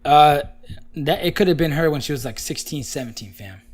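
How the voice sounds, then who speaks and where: A man's voice: a little high, brisk. A young man co-hosting a podcast, telling a story in casual chat, acting out the quotes and laughing often. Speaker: podcast co-host.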